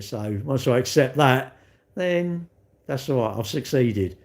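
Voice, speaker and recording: A man's voice: medium pitch, lively intonation, normal speed, darkish tone. A man hosting a live stream, chatting in a rambling, self-mocking way and answering viewers.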